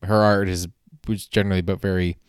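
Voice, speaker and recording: A man with a very low voice rambles through a casual solo podcast, wry and self-deprecating, restarting his sentences often. The recording is dry and close, with no room sound. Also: little pitch movement, quick pace, clean tone, dry recording. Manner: swears casually. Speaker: podcast host.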